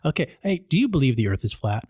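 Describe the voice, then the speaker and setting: A playful man hosting a studio chat show, quizzing his guest with jokey questions. His pitch jumps around in a lively, animated way. The sound is dry and close. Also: fast talker, husky, dry recording. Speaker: host. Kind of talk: casual interview chat.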